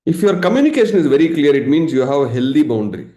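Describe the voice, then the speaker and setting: A man teaching a live online session as a meditation coach, lively, acting out everyday examples and laughing. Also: fairly high pitch, fast talker, echoey room. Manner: animated, acts out examples, laughs often.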